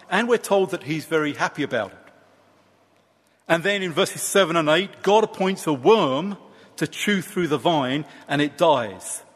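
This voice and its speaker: A man preaching a sermon, slow and emphatic with dramatic pauses. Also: on the high side, fairly bright tone, in a large hall.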